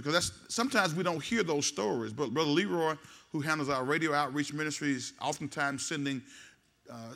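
A man preaching a sermon as pastor, calling out to the congregation and rising to shouts. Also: mid-range voice.

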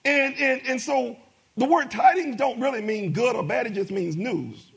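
A man's voice: very high-pitched, expressive, moderate pace, a bit bright, breathy edge. A middle-aged man preaching a sermon as pastor, with emphatic rising bursts and many repetitions.

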